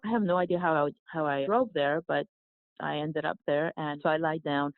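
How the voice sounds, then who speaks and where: A woman who grew up in South Korea, a yoga teacher and guest, telling a personal story in a soft, reflective way with frequent restarts. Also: deep voice, no room sound. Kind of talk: conversational storytelling. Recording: dry, phone-like remote line.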